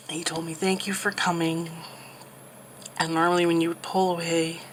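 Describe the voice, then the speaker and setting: A woman in her thirties telling a personal story while crafting, soft and halting with many pauses, becoming tearful. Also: fairly low pitch, level tone, a little hiss or hum, rough recording. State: tearful, getting emotional. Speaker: crafting channel host.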